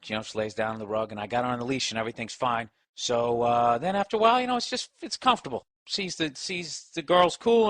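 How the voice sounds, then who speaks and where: A man's voice: fairly high pitch, fairly bright tone, dry recording. A man with a Boston accent ranting casually and sarcastically on his podcast, swearing often and talking to his dog. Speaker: comedian podcast host. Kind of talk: casual rambling rant. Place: home office.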